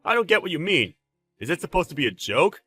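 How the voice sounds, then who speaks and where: A man playing a clueless cheating ex-husband, brash and quick to get defensive. His voice is bright and sits fairly high, swinging widely in pitch as he protests. Faint music runs under this audio drama. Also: very animated, breathy edge, full character voice.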